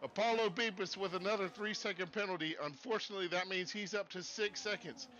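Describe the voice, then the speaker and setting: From his desk streaming station with screens, a man with a high, pushed, bright voice talks briskly through live sim racing commentary. He adopts a put-on Southern US accent and rambles in a folksy, jokey way, while the recording sounds muffled.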